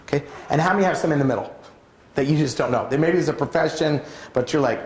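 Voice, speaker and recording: A man's voice: fairly high pitch, normal speed, slight background noise. Conversational man preaching in an echoey hall. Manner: conversational, asks the audience questions. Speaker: pastor. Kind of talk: conference talk. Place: church hall.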